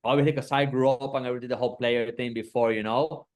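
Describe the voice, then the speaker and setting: A man's voice: medium pitch, steady tone, fast. A man in casual chat, talking loosely and profanely, peppering everything with "bro" and "like". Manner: profane, rambling, lots of "bro" and "like".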